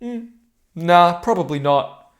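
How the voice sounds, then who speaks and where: A man's voice: sits high, lively intonation, slow. A man doing a dull, hesitant young coworker. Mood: flat, hesitant.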